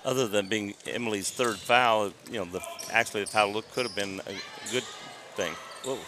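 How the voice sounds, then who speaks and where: A man doing color commentary for a local high school basketball game, questioning referee calls and getting excited over plays. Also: moderate pace. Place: school gym. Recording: noisy gym broadcast.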